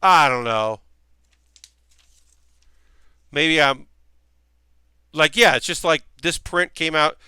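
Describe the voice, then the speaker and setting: A man streaming a model kit build rambles to his viewers in an irritated, chatty way, full of fillers and restarts. His voice is bright and clear, a touch high, and the close mic keeps it dry with no room sound. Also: unhurried, no room sound. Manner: ranting, annoyed, rambling with many fillers. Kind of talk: casual live-stream chat.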